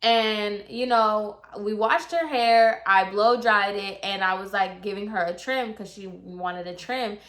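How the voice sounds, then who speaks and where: Bright-voiced young woman telling a chatty story. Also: mid-range voice, a little slow, hardly any pauses. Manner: chatty, lots of filler "like" and "you know". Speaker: hairstylist. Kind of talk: casual storytime chat.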